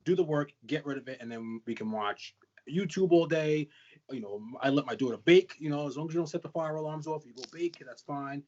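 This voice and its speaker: A man co-hosting a casual podcast, telling a rapid anecdote and acting out both sides of a conversation. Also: on the high side, darkish tone, muffled recording. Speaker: podcast co-host, parent.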